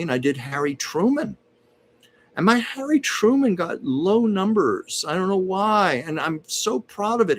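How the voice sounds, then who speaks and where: A man's voice: on the high side, a little hiss or hum. A man hosting a casual livestream at home, chatting and reading viewer comments aloud as a psychic medium.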